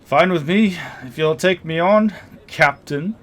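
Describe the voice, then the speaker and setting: A man's voice: fairly high pitch, measured pace, fairly bright tone, voice pushed up. A man playing a brash, teasing woman traveler. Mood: agreeable. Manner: teasing, offhand. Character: brash, joking woman traveler seeking passage.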